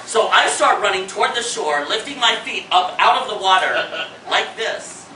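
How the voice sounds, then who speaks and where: A man spins a comic tale to a live audience in a theater, his voice high and lively. The sound is roomy and caught from a distance, with steady noise underneath. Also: moderate pace. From Indiana. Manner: animated, acts out his panic, shrieks lines. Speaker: storyteller in a one-man show. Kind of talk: comic stage storytelling. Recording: roomy hall, mic from afar, noisy.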